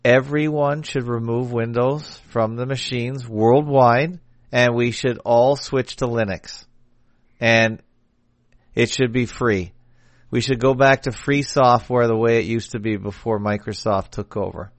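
A man's voice: mid-range voice, steady tone, measured pace, no echo. A man hosting a casual streamed chat over a video call, opinionated and joking. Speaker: show host.

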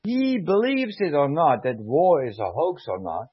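A man's voice: a little high, wildly swooping pitch, a little slow, few pauses, breathy edge, no room sound. A man who served as an army sergeant, talking heatedly and emotionally, swearing and repeating himself to press his point. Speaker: former army sergeant, guest. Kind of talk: heated conversational rant. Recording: dull lo-fi sound.

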